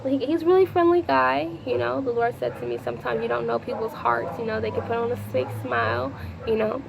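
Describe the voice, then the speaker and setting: A woman with a gravelly voice tells a personal story in a loose, rambling vlog. She repeats herself and breaks off to speak to the Lord. Clear background noise runs under the recording. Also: a little high, animated, fairly quick. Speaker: vlogger.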